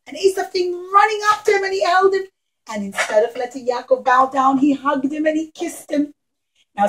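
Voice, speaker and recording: Animated high-voiced woman telling children a story. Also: poor audio. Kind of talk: puppet show storytelling for children.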